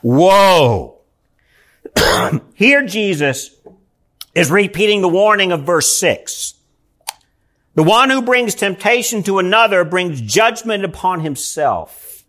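A man's voice: sits high, big pitch swings, measured pace, sharp tone. A man preaching a sermon, earnest and explanatory, often restarting his sentences. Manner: earnest preaching, frequent "I mean" fillers and restarts. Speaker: pastor.

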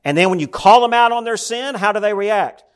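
High-voiced male pastor, storytelling sermon, calls out to the congregation. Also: a little fast, smooth.

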